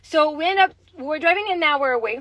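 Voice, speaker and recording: This is a young adult woman from Quebec with a Québécois French accent, a mother chatting on her phone livestream. She talks fast in a high, expressive, sharp-toned voice, rambling and cursing freely, in a rough recording with no room sound.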